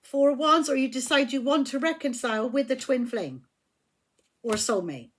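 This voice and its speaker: A woman's voice: high voice, expressive, normal speed. A woman giving a casual tarot reading, blunt and emphatic, swearing when riled. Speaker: tarot reader.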